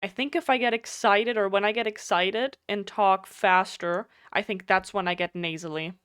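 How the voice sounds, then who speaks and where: A woman's voice: mid-range voice, fairly even intonation, normal speed, fairly bright tone, clean tone, no echo, studio quality. Chatty streamer woman with a German accent. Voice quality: slightly nasal. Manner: chatty, blunt, swears freely. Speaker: game streamer. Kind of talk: casual live stream chat.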